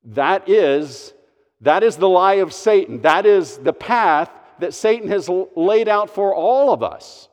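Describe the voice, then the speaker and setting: Slow, emphatic male preacher in a hall. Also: high-pitched, expressive. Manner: earnest, emphatic preaching with slow stressed phrases. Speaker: pastor. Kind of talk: sermon.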